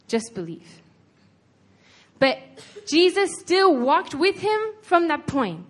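A woman's voice: very high-pitched, animated, slow. A woman preaching a sermon in an earnest, conversational way, retelling a scripture story with lots of casual "like"s.

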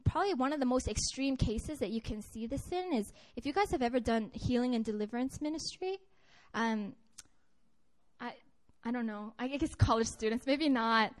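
A woman with a high voice preaches to a gathering in a casual, heartfelt way. She tells a personal story and often stops and restarts her sentences. Her tone stays earnest throughout. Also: expressive, normal speed. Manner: conversational and earnest, many restarts and fillers. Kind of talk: sermon with personal testimony.

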